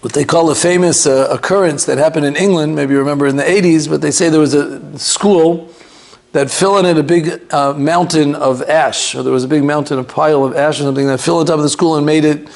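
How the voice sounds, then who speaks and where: A man's voice: fairly high pitch, fairly even intonation, a little fast, gravelly, a little mellow. A man teaching a Torah class as a rabbi, rambling and digressing, sprinkling Hebrew and Yiddish terms and chatting with the class.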